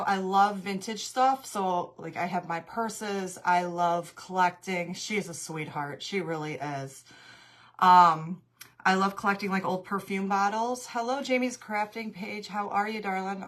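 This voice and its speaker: A woman's voice: medium pitch, measured pace, a bit bright. A middle-aged woman chats through a home craft livestream. She greets each viewer by name and laughs easily, a little out of breath. She is recorded on a tablet mic in her craft room. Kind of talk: casual livestream chat.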